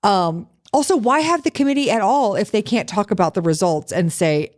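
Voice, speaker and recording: A woman co-hosting a podcast in loose, casual conversation. She talks with a sarcastic, profane bite and animated storytelling, her pitch sitting in a middle range. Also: normal speed. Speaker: podcast co-host. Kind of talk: casual chat.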